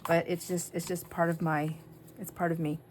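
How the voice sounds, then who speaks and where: A woman's voice: fairly low pitch, flat delivery, normal speed, a little mellow, slight background noise. A woman telling a rambling story while she works on a craft project at home. She laughs often and often stops to restart her sentences. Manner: rambling, self-interrupting, giggly. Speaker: junk journal crafter.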